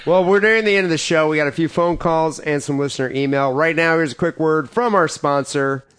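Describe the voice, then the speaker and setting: A man's voice: a little high, fairly quick, a bit bright, clear, resonant tone. A man hosting a crude comedy podcast, upbeat and giggly, reading ads with a grin. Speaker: podcast host.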